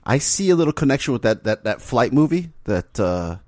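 A man's voice: medium pitch, big pitch swings, brisk, a little mellow, no room sound, clean studio sound. A man co-hosting a casual movie podcast, blunt, teasing and opinionated. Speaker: podcast co-host.

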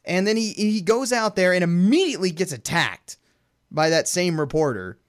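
An excitable man co-hosting a movie podcast, his voice sitting a little high for a man. He chats casually, laughs often and jumps into acting out lines from the films. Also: normal speed. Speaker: podcast co-host.

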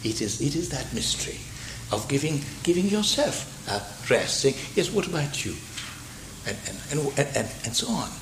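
An older man giving a reflective spiritual lecture, halting and repeating words, sometimes dropping to near whispers. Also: medium pitch, big pitch swings, gravelly, background noise. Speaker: speaker. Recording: roomy hall sound.

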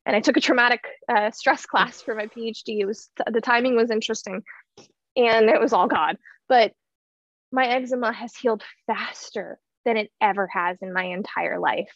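Woman, thirties, heartfelt personal storytelling, fry in the voice, dry close sound. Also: fairly high pitch, fairly even intonation, normal speed, fairly bright tone, no room sound, dull audio. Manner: heartfelt, earnest, many fillers and restarts. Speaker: guest sharing her story.

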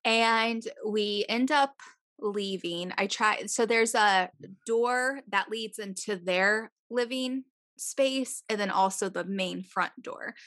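A woman's voice: medium pitch, slow pace, a bit bright, dry recording, clean studio sound. A woman co-hosting a casual chat, telling a long story and acting out quotes, swearing freely.

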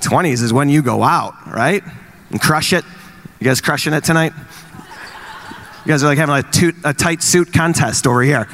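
A married man in his forties doing stand-up comedy, teasing the crowd and acting out quick exchanges in wry bits. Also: on the high side, fairly bright tone. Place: live venue with an audience.

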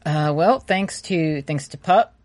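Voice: medium pitch, slow, darkish tone. A podcast co-host chatting casually, rambling and joking, often breaking off mid-sentence. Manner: rambling, jokey, self-interrupting. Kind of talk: casual chat.

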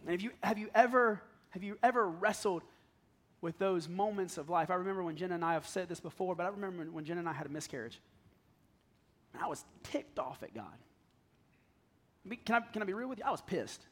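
A man in his thirties preaching to his congregation, candid and raw, dropping to a hush and then rising to loud pleading. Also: high voice, brisk. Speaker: pastor. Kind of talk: sermon. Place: church hall.

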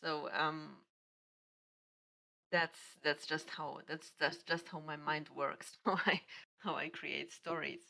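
A woman's voice: low-pitched, steady tone, slow pace, creaky, pushed and bright, low-quality recording. A woman author as a podcast guest, talking earnestly about her books and often repeating words as she restarts. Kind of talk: casual interview talk.

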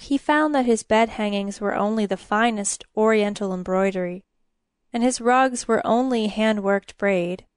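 A woman reading a fairy tale aloud in a slow, measured, expressive way. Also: on the high side, clean tone, no echo, studio quality. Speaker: narrator. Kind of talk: storybook narration.

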